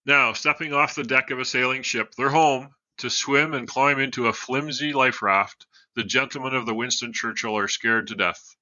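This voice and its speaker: A man's voice: mid-range voice, steady tone, normal speed, hardly any pauses, sharp tone, no room sound, highs cut off. A man telling a true story as a podcast guest, reading from notes and adding casual asides.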